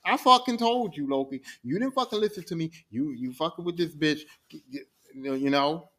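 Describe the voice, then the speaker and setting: A man's voice: fairly high pitch, moderate pace, pushed and bright, pitched below the performer's own voice. A man voicing a smug, all-powerful male ruler of time who scolds and taunts with profanity. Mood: exasperated.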